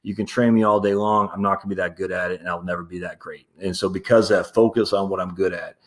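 Low-voiced man rambling on his podcast. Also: fairly even intonation, quick pace. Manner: rambling and candid, with many fillers and restarts, calling listeners "my friends"; laughs easily while talking. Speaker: podcast host. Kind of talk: casual solo commentary.

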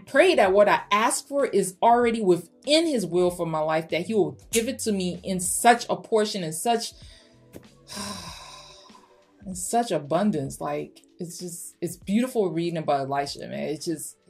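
Emphatic woman reading scripture aloud. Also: fairly low pitch. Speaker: podcast host. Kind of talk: Christian motivational podcast.

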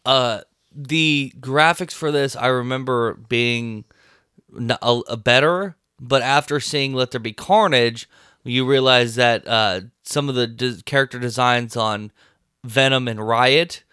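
A man's voice: mid-range voice, fairly even intonation, measured pace, bright, forceful tone, smooth, dry recording, studio quality. A young man co-hosting a casual podcast chat, loose and easygoing, laughing often. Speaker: podcast co-host.

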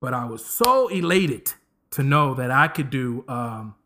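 A man's voice: mid-range voice, a little slow, slight background noise. A man in his thirties hosting a podcast, giving a comedic casual monologue and slipping into voices as he jokes. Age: 30s. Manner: animated, joking, slips into voices. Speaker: podcast host.

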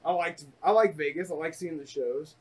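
A man's voice: fairly high pitch, normal speed, husky, far from the mic, low-quality recording. A man co-hosting a casual podcast chat, telling easygoing, rambling stories with fillers and the odd swear. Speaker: podcast co-host.

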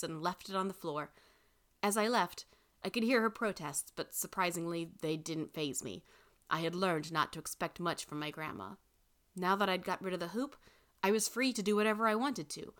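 A woman reading a first-person story aloud in an expressive way. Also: mid-range voice, normal speed. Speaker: reader.

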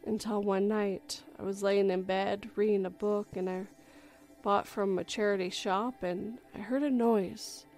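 Casual woman host reading a creepy first-person tale, middle-pitched voice, faint music underneath. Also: unhurried. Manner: relaxed reading with frequent self-corrections. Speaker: story reader and livestream host. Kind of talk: reading a horror story aloud.

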